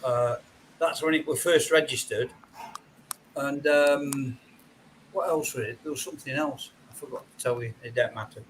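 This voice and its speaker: A man's voice: medium pitch, normal speed, a little hiss or hum, poor audio. A man from England with a Nottingham accent, joking around as host of a casual live chat. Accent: Nottingham English. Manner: joking, dialect grammar.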